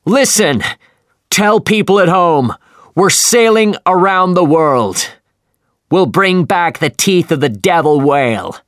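Guy voicing a raging one-legged old captain in a storybook, shouts everything, way higher than his normal voice. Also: expressive, takes it slowly, dry recording, studio quality, full character voice. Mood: shouting. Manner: shouting, fierce and commanding.

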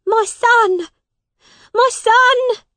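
A woman voicing Mrs Canty, a desperate poor mother shouting and crying out in a storybook reading. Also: very high-pitched, extremely slow, dry recording, pitched above the performer's own voice, exaggerated voice. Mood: frantic, crying.

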